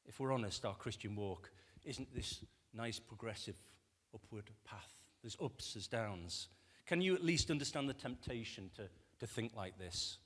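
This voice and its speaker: A man's voice: fairly low pitch, a little slow. A man preaching a sermon, talking conversationally and putting rhetorical questions to his congregation. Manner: acts out quoted voices with lively shifts. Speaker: pastor. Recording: long reverb of a church hall.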